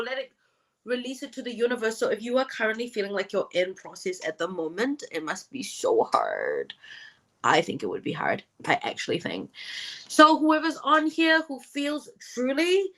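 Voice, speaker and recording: A woman's voice: a little high, a bit bright. A young woman reading tarot on a live stream, chatting casually and slangily with viewers and swearing now and then.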